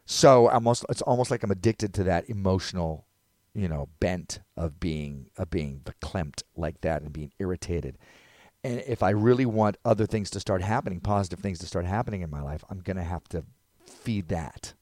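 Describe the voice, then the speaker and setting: A man's voice: sits low, lively intonation, normal speed, darkish tone, no echo, clean studio sound. A man in casual podcast chat, rambling and reflective, now and then acting out quotes.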